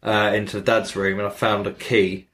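A man with a fairly low voice rambles through a game recap, piling up fillers and restarts. He tells it in a loose, animated podcast manner. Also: moderate pace, slight background noise. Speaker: podcast host. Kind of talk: casual chat recapping a game.

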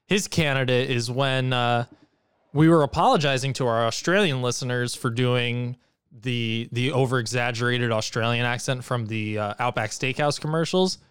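A man co-hosts a podcast, joking and being sarcastic in casual conversation. His medium-pitched voice is fairly bright and clean, delivered at a moderate pace with clean studio sound and no room noise.

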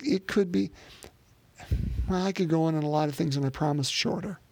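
A husky, raspy male pastor with a gravelly edge gives a sermon in a relaxed, conversational way. His voice sits a little high for a man and sounds dry and close. He often repeats words as he speaks directly to his listeners. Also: dry recording.

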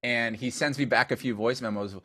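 Bright-voiced man telling animated stories. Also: medium pitch, fairly quick. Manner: animated storyteller, heavy filler use, swears. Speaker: guest dubstep producer. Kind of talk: casual interview chat.

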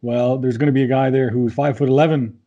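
Husky, mellow-voiced male interviewer. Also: mid-range voice, fairly even intonation, highs cut off. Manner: halting, repeats words, frequent "you know what". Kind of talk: casual interview.

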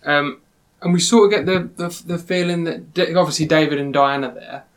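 A man's voice: on the high side, steady tone, fairly quick. A man hosting a casual chat about a film, recapping scenes with frequent ums. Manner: leads the talk, recaps scenes with many ums. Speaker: podcast host.

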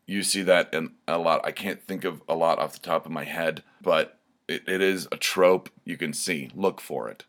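A man's voice: extremely low pitch, normal speed, a bit bright. A man hosting his own podcast, talking casually and rambling with frequent ums as he thinks aloud. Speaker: podcast host. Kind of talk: casual solo podcast talk.

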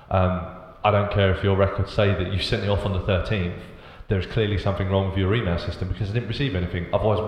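A man chatting casually on a podcast, telling an exasperated, sweary story. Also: on the low side. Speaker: podcast host. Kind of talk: casual chat. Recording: echoey room with long reverb, dull lo-fi sound.

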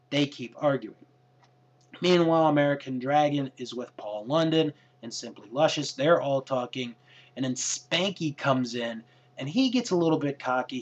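A man casually recapping a wrestling show in a hesitant way, often pausing on fillers. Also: mid-range voice. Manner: hesitant, with many fillers and restarts. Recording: lo-fi dull recording.

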